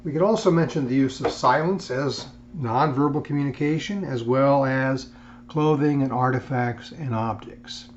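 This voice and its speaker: A man gives a recorded lecture in a measured, unhurried way, often pausing on fillers and restarting phrases. His voice sits in a middle range and comes through a slightly muffled, lo-fi recording with a faint hum underneath. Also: mid-range voice. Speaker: instructor.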